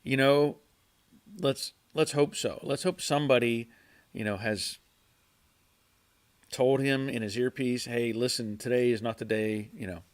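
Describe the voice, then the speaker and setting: Guy on a garage livestream reading chat, mid pitch, keeps restarting words and chuckling. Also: fairly even intonation. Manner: halting, restarts and repeats words, chuckles often. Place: home garage.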